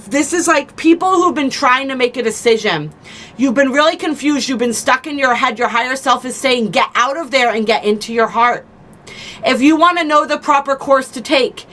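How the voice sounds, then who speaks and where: Chatty woman giving a spiritual reading. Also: high-pitched. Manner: gentle, chatty, laughs easily, slows to stress points. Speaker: spiritual reader and channel host. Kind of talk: casual spiritual reading monologue.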